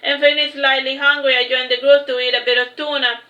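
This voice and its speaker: Reading a little fast, a high, bright-voiced author narrates her own first-person story with steady delivery and the odd slip. The sound is echoey and slightly dull, like lo-fi audio.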